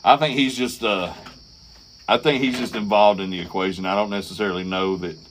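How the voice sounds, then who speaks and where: A man co-hosting a podcast, recapping wrestling in casual, profane, animated chat. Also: lowish voice, a little fast, a little hiss or hum. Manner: profane, animated storytelling with acted quotes. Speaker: podcast co-host.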